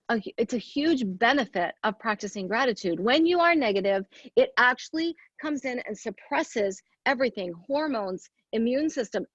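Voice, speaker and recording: A woman's voice: a little high, dry recording, lo-fi sound. A woman giving an earnest motivational talk, asking rhetorical questions and counting off her points. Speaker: speaker at a women's leadership event.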